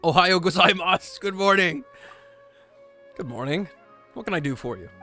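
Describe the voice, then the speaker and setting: A man voicing a calm, aloof young male scholar with a flat, matter-of-fact delivery. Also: high voice, normal speed, faint music behind, pitched above the performer's own voice. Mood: deadpan.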